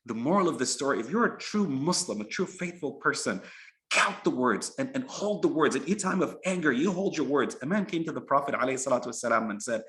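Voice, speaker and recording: A man's voice: mid-range voice, quick pace. A man, an imam, telling a story in a sermon and acting out the characters. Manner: animated, acts out the characters.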